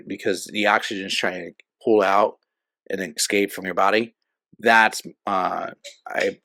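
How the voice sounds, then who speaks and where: A man's voice: deep voice, vocal fry, a bit bright, no room sound. A man co-hosting a casual movie review. He talks in a thoughtful, hesitant way with many fillers and restarts.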